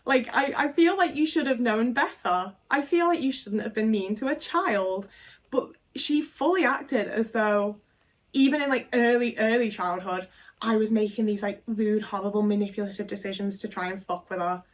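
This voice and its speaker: A woman's voice: on the high side, normal speed. A woman in her twenties, telling a personal story frankly and casually, swearing often and filling with "like". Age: 20s. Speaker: vlogger.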